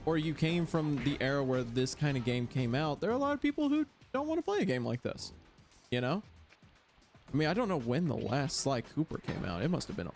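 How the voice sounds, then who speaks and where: A man playing through a game on stream, talking to his viewers in a lively, bouncy voice that swings high and low. His tone sits a little above the usual male range, and he keeps spilling into theatrical disbelief. Soft game music plays faintly underneath. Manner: excitable, exaggerated exasperation. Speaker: gaming streamer. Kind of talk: let's play commentary.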